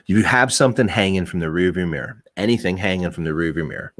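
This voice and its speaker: A man's voice: low-pitched, fast. A middle-aged man hosting a podcast, talking bluntly and rambling in casual opinionated chat, swearing and restarting his sentences. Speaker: podcast host.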